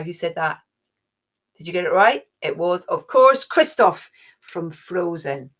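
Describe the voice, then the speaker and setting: A woman's voice: fairly low pitch, lively intonation, a little slow, a bit bright. A middle-aged woman hosting an online quiz, chatty and cheerful, gushing with little oohs. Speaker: quiz host.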